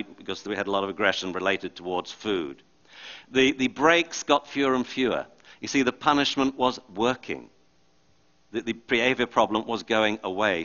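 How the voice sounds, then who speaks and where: Male speaker, dog trainer, stage talk; bright, animated storyteller, on a mic with a dull, muffled sound. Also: mid-range voice. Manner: animated storyteller who acts out quotes. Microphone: body or handheld mic.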